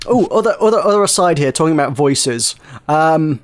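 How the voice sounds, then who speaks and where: Host type: British guy, slightly high voice, rambling and jokey on a gaming podcast. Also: lively intonation. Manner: jokey, rambling, quick to laugh. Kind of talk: casual gaming podcast chat.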